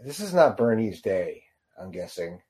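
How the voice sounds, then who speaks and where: A man giving casual reaction commentary on a short film, rambling and halting with lots of fillers. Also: on the low side, sing-song, warm tone. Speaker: video reactor.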